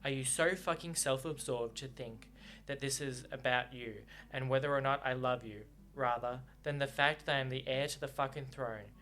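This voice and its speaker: A man's voice: medium pitch, steady tone, normal speed, pushed and bright, close to an everyday voice. A man reading as a bitter young prince. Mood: bitter anger. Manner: cutting, bitter, swearing. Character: young male prince and heir, guarded and bitter.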